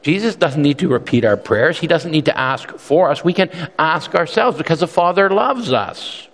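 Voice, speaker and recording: A man's voice: fairly high pitch, expressive, moderate pace, fairly bright tone. A male pastor preaching a sermon in an earnest, emphatic way, often repeating words as he restarts. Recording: long reverb from a large hall.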